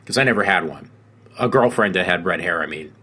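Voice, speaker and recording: A man's voice: deep voice, expressive, fairly quick, sharp tone, slightly rough. A man hosting a casual solo talk show, rambling with many fillers, restarts and self-corrections. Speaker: podcast host.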